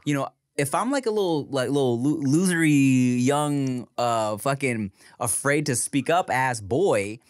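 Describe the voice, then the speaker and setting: A man co-hosting a podcast at an easy middle pitch, talking in a relaxed, slangy way with frequent "you feel me" asides. The recording is dry and close-miked, with no room sound. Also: measured pace, hardly any pauses, dry recording. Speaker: podcast co-host. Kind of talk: casual chat.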